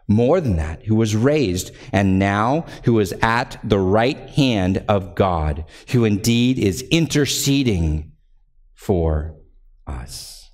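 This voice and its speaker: Somewhat dark in tone, the male pastor preaches with real earnestness. He grows fervent whenever he reads scripture, and his phrases wind down slow and low.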